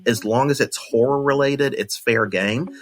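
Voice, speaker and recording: A young man hosting a solo podcast, thinking out loud and often restarting with repeated words. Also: mid-range voice, normal speed. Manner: analytical, thoughtful, repeats words when restarting. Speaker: podcast host.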